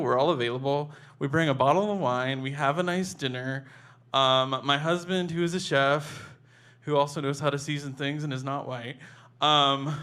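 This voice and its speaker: A man's voice: on the high side, a bit bright. A man telling a personal memoir story in a casual, conversational way, full of "like" and restarts.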